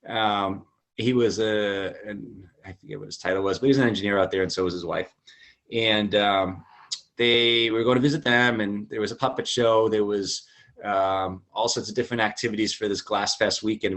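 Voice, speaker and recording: A middle-aged man with a low voice tells a personal story as a podcast guest. His speech is loose and chatty, full of fillers and restarts, and he jumps up into lively quoted voices when he acts out what people said. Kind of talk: casual storytelling.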